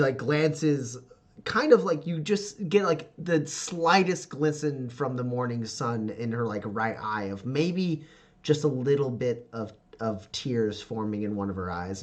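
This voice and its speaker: Guy gm narrating slow and easy, lots of "like". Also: mid-range voice. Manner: unhurried, lots of "like", laughs often. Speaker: game master. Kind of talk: narrating a tabletop game.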